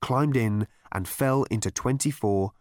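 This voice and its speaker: A man's voice: mid-range voice, measured pace, darkish tone, no echo. A man reading a comic novel aloud as narrator in a dry, wry storytelling manner. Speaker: audiobook narrator. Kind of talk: scripted narration.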